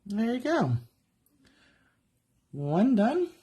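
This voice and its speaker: Her fairly high voice is sing-song yet dark and husky, and she speaks very slowly. She's a jewelry artist giving a live demonstration from her home studio, chatting and thinking aloud while she works.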